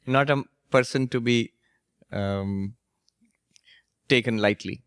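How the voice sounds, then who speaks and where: A monk and spiritual teacher giving a storytelling lecture, anecdotal and gently humorous. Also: male voice, medium pitch, very slow, clean tone, no echo, studio quality. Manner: anecdotal, gently humorous, laughs at his own stories.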